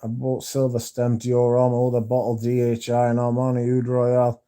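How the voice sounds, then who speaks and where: A man's voice: medium pitch, completely flat delivery, moderate pace, mellow, clear, resonant tone. A man hosting a casual livestream, reading viewer comments aloud and swearing freely as he chats. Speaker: livestream host reading chat. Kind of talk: casual livestream chat about perfume.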